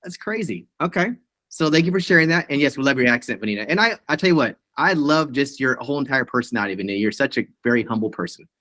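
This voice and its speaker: A man's voice: medium pitch, expressive, fast talker, sharp tone, dry recording. A man hosting a team video meeting, upbeat and full of praise. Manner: upbeat, effusive praise, says awesome often. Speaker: meeting host.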